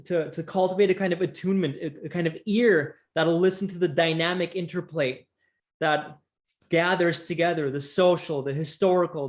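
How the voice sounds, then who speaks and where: A psychotherapist taking part in an academic discussion, explaining ideas in halting bursts with many restarts and tag questions. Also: male voice, on the high side. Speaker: psychotherapist guest.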